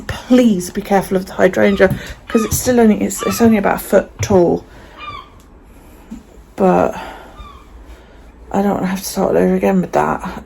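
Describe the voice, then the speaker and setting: A woman's voice: mid-range voice, gravelly, mellow, a little hiss or hum. A woman chatting casually in a home vlog, swearing freely and talking to her dog. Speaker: vlogger.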